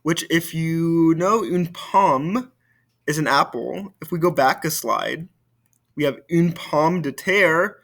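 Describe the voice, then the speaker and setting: A man leads a recorded French vocabulary lesson. His voice is bright and fairly high, and he speaks slowly. He patiently models each word for students to echo back. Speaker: French teacher.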